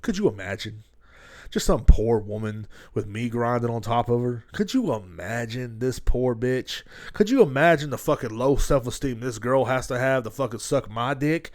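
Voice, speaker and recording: Lively intonation marks this man's medium-pitched voice, which moves at a moderate pace. Hosting his own podcast from home on studio headphones and a mic, he rambles through a casual comedic rant, joking and swearing heavily.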